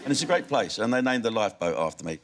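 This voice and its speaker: A man's voice: lowish voice, expressive, very fast. A man, a comedian answering interview questions candidly and laughing at his own punchlines in a TV studio. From England. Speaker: comedian guest. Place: television studio.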